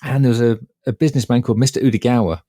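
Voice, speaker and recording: A man's voice: medium pitch, fairly even intonation, racing, mellow, no echo, studio quality. A middle-aged man co-hosting a podcast, reminiscing in a chatty, wry way. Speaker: podcast co-host. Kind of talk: casual chat.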